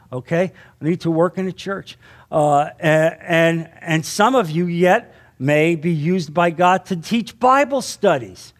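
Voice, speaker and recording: A middle-aged man preaching a sermon to a men's group, earnest and repetitive, often checking in with his listeners. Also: sits high. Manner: earnest, repeats phrases, asks "you understand?". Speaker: Bible teacher.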